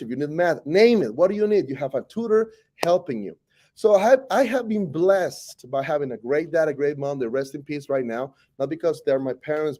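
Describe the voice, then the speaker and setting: A man from Costa Rica with a Costa Rican Spanish accent, a teacher telling his life story in an animated, rambling way full of self-corrections. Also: on the high side. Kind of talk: personal storytelling interview.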